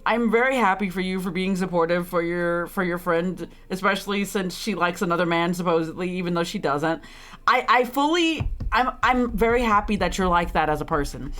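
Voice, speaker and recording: A woman's voice: medium pitch, moderate pace, a bit bright. A woman game streamer talks casually over her playthrough, ranting and laughing at the characters. She swears often and sounds openly exasperated with the story. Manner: frequent swearing. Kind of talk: casual live-stream commentary.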